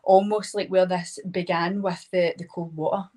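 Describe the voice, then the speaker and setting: A woman with a Scottish accent, a hypnotherapist guest telling a personal story in a lively, chatty way full of laughs and fillers. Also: fairly low pitch, moderate pace, poor audio. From Scotland. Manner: animated, laughing, many fillers like "like". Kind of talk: casual storytelling interview.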